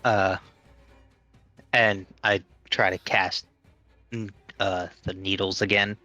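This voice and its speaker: A man playing a tabletop game over voice chat, talking slowly and hesitantly between jokes. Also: low-pitched, flat delivery, bright, forceful tone, no room sound, lo-fi sound, faint music behind. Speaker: player.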